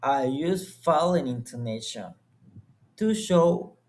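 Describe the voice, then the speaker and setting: A young man from Colombia, a native Spanish speaker, giving a deliberate, word-by-word class presentation. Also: medium pitch, lively intonation, darkish tone. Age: young adult. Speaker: student presenter. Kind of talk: slow, careful class presentation.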